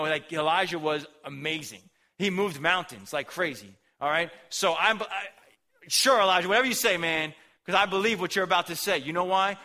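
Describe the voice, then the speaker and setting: A man's voice: fairly high pitch, bright, forceful tone. A young man preaching a casual, slangy sermon, retelling a story and acting out the characters' voices.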